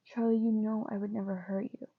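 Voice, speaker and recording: A woman's voice: mid-range voice, level tone, fairly quick, narrow, tinny audio, close to an everyday voice. A woman reading the part of a young man who is a hot-tempered but caring boyfriend. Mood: remorseful. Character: young man, angry then remorseful boyfriend.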